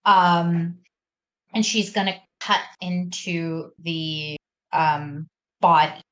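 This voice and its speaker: A woman's voice: on the low side, flat delivery, drawn-out words. A woman playing a tabletop game, describing her character's actions in a chatty, rambling way.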